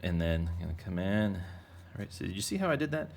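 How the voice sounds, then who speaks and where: A man leads a casual drawing lesson for kids, joking and rambling as he sketches. His voice sits low and has a gravelly edge. A faint background hum runs under it. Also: very animated, fairly quick. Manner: playful, rambling, jokey. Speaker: art teacher.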